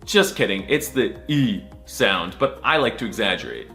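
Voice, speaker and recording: A man's voice: on the low side, lively intonation, moderate pace, a bit bright, soft background music. A young man giving a jokey scripted voice-over lesson, sarcastic and crude with a mock-serious tone. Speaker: comedy language explainer.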